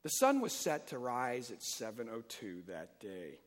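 A man preaching a Sunday-morning sermon, emphatic and rising and falling in loudness as he reads and explains scripture. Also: medium pitch, wildly swooping pitch, unhurried, long reverb tail. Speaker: pastor.

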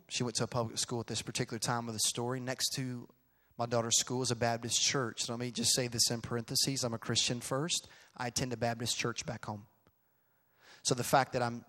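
A middle-aged male pastor telling a story in a sermon, swinging from quiet asides to loud, emphatic outbursts. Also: medium pitch. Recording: long reverb of a large hall.

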